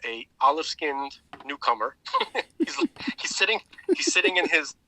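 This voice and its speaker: A man's voice: on the high side, lively intonation, normal speed, sharp tone, rough recording. A man on a podcast, casually retelling a story with lots of fillers and restarts. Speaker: podcast co-host. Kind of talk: casual chat.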